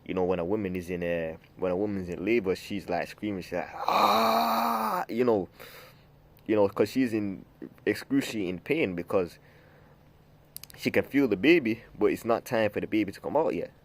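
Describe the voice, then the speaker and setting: A man with a low, somewhat mellow voice teaches scripture informally at a moderate pace. His preaching rambles loosely, packed with fillers, false starts and repeated uses of "man."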